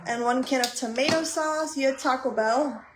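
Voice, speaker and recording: A woman's voice: sits high, moderate pace. A woman hosting a casual livestream from her home kitchen, chatting as she cooks and greeting viewers by name. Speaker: livestream host. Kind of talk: casual chat while cooking live. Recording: echoey room with clear background noise.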